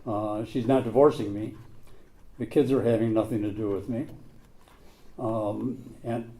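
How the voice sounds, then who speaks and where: A man's voice: on the low side, steady tone, a little slow, warm tone. An older man telling his own recovery story to a group, blunt and plain-spoken, with some mild swearing. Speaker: recovery meeting speaker.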